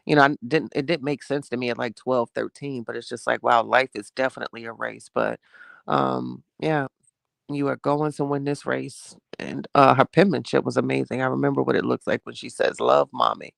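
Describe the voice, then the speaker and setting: A man from New Jersey chatting heartfelt and casual on a home live stream, reading out his chat and breaking into loud exclamations. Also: medium pitch, normal speed, gravelly, no echo.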